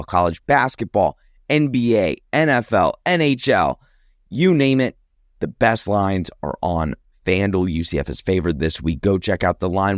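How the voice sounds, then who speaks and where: A man with a hoarse, scratchy voice from a sore throat, hosting a sports podcast. His voice sits on the low side and sounds dry and close to the mic. He rambles loosely, with plenty of ums and uhs. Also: dry recording. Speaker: podcast host. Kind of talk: casual sports podcast chat.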